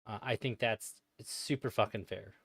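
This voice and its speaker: A man talks through a clip he is reviewing on his stream. His voice sits a little low and is recorded close and dry. He rambles loosely, stops and restarts often, and laughs along the way. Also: fairly even intonation, normal speed, gravelly, fairly bright tone, breathy edge, dry recording. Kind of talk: casual commentary over a played clip.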